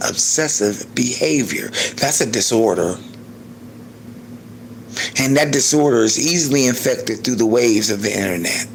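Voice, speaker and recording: A man in his sixties hosting a livestream and ranting heatedly with a lot of profanity, swinging between loud outbursts and low muttering. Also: slight background noise. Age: 60s. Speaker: livestream host.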